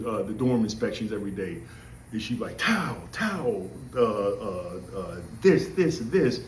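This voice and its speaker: A man's voice: mid-range voice, far from the mic, a little hiss or hum. Laughing man telling stories in an echoey room. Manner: animated, laughs often, acts out yelling in quotes. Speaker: Air Force veteran telling stories. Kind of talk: casual storytelling. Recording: echoey room, voice a bit off-mic.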